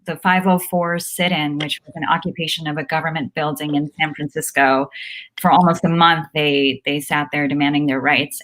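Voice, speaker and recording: A woman's voice: low-pitched, fairly bright tone. A woman editor being interviewed over a video call from her home, talking casually with lots of ums. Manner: chatty, many fillers. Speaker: guest, newspaper editor. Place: home room.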